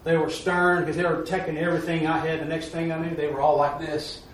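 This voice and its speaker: A man's voice: fairly high pitch, flat delivery, fast. A man, a preacher giving a folksy, repetitive testimony. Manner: folksy, repetitive, with "I'm telling you". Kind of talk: testimony during a church talk. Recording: echoey room, mic far off, faint noise.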